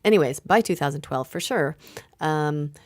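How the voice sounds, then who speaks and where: A woman's voice: low-pitched, expressive, moderate pace, a little mellow. A woman astrologer explaining in casual podcast chat, chatty with many fillers and frequent laughs. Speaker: astrologer guest.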